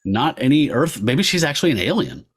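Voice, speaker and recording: A man's voice: mid-range voice, sing-song, fairly quick, husky. A man hosting a casual film podcast, rambling along with lots of filler words. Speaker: podcast host.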